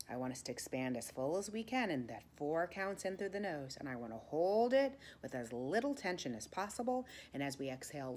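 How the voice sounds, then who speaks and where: A woman teaching meditation, counting breaths and guiding a mantra, often dropping into soft whispers. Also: deep voice, a little hiss or hum. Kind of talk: guided meditation lesson.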